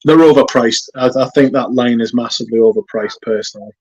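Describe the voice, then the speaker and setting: A man hosting a fragrance livestream, chatting casually and reading viewer comments aloud in a relaxed, chatty way. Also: mid-range voice, a little fast, lo-fi sound, a crowd in the background. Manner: relaxed, chatty, yawning now and then.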